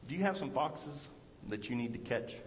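A man's voice: lively intonation, normal speed, big-room sound, a little hiss or hum, poor audio. A man preaching a sermon in an earnest way, rising and falling as he makes his points. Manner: earnest, rises and drops in pitch and volume.

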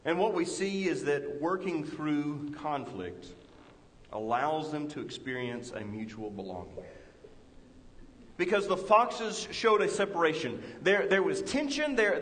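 A man's voice: a bit bright, long reverb tail, a little hiss or hum, rough recording. A man preaching a sermon in an earnest way, rising and falling as he makes his points. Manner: earnest, rises and drops in pitch and volume.

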